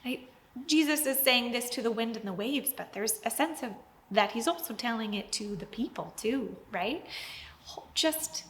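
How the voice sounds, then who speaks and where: A woman's voice: a little high, animated, moderate pace. A woman teaching a Bible lesson to children, telling the story expressively and dropping to near-whispers. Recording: hall reverb with faint background noise.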